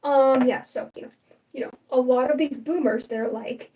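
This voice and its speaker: High-voiced rambling woman livestreamer. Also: a little slow, mellow, far from the mic, rough recording. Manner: rambling and opinionated, full of fillers and restarts. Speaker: livestream host. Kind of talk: casual livestream chat.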